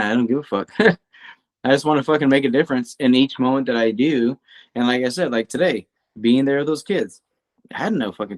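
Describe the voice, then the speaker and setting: A man co-hosting a podcast in a casual chat, swearing a lot and rambling, his voice climbing when he gets worked up. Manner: profane, rambling, animated, rising pitch when worked up. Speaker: podcast co-host; coach.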